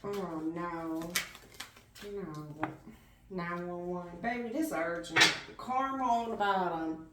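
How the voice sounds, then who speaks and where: A tarot reader speaks to the viewer in blunt street slang, direct and animated, her low voice moving slowly. Sitting a bit back from the mic, she sounds distant, and the echoey room is full of heavy background noise.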